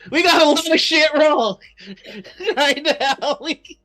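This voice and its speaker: A woman's voice: sits high, takes it slowly. A woman co-hosting a casual stream chat, laughing often and swearing freely. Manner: laughing often, profane and animated.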